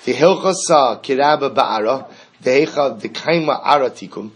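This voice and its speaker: A man's voice: medium pitch, normal speed, a little hiss or hum, low-quality recording. A man teaching a Talmud class, explaining step by step and acting out the sages' exchanges.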